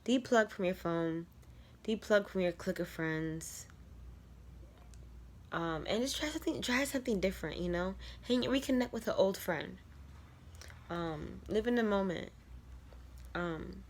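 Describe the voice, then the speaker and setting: A young adult woman talking earnestly in a rambling personal vlog, heartfelt, with many fillers. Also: medium pitch. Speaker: content creator. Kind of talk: reflective personal vlog monologue.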